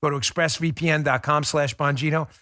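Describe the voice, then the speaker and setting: Bright-voiced male talk host. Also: a little high, fairly even intonation. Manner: brisk, emphatic talk-radio delivery. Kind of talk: political talk show.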